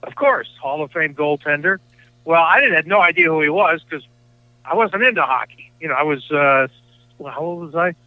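A man's voice: fairly high pitch, a little fast, dry recording. An older man, a sports broadcaster appearing as a guest, telling rambling anecdotes in casual chat with frequent self-corrections. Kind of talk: storytelling in casual conversation. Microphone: phone line. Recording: tinny dry phone line.

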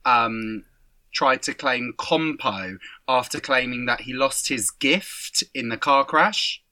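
A man's voice: mid-range voice, takes it slowly, bright, forceful tone, no echo. A man co-hosting a podcast in casual chat, laughing often and tripping over repeated words. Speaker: podcast co-host.

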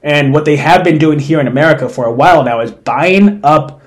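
A man's voice: fairly high pitch, brisk. A man hosting an opinion podcast, talking bluntly and sarcastically with open indignation. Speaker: podcast host. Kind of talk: opinion commentary.

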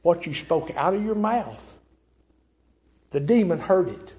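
A man's voice: high voice, lively intonation, unhurried, darkish tone. A man preaching a sermon, emphatic and repetitive, asking his listeners rhetorical questions. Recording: echoey room.

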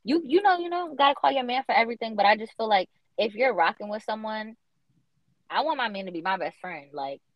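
A woman's voice: a little high, animated, brisk, no room sound. Emphatic young woman podcast co-host. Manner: emphatic, slangy, lots of "like". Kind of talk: casual chat. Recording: dull lo-fi podcast audio.

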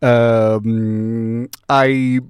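Male music-channel host, unhurried and jokey, dry close sound. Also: medium pitch, flat delivery, a little mellow, clear, resonant tone, dry recording. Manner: chatty, playful self-mocking humor. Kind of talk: casual music recommendation.

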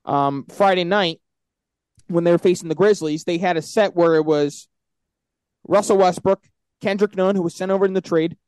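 High-voiced man in profane sports banter. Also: moderate pace, darkish tone, smooth, dry recording. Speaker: sports podcast co-host. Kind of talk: casual sports chat.

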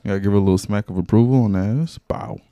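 A young man chatting casually on a podcast, telling an animated story full of slang and frequent laughs. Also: lowish voice, rapid-fire, no echo, highs cut off. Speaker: podcast co-host. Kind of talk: casual chat.

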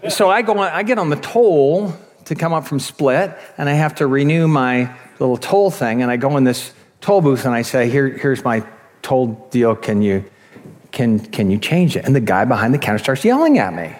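A middle-aged man giving a conference talk, telling lively stories and acting out voices, with many restarts. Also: medium pitch, normal speed. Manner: animated storytelling, acts out voices, many restarts. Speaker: conference speaker. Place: conference hall. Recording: long hall reverb.

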